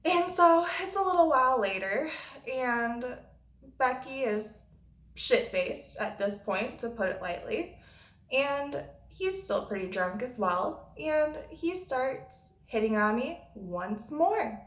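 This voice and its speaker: A woman's voice: high voice, very animated, slow pace, fairly bright tone. A woman vlogger telling a story in a blunt, profane way. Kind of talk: storytime vlog. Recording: roomy echo.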